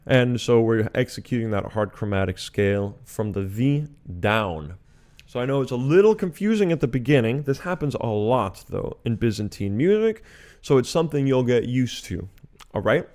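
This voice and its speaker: Chant teacher, male, calm methodical explainer, smooth resonant tone. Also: medium pitch. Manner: patient, methodical explanation, breaking into sung syllables. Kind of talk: chant lesson, explaining and singing note names.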